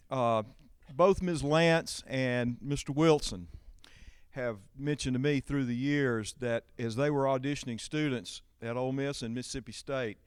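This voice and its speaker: A man's voice: medium pitch, measured pace, clean tone, no echo, clean studio sound. A man with a Southern US accent, an interviewer asking a wrap-up question politely and formally.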